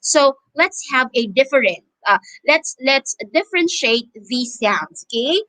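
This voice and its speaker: Her voice is high, expressive, pushed and bright as she runs an online phonics class. This Filipino woman from the Philippines stretches every word and repeats it for students to say after her.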